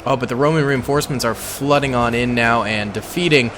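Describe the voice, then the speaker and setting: A man giving casual, upbeat gameplay commentary on a battle simulation, chatty and excitable, with playful slang. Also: mid-range voice, brisk, a little hiss or hum.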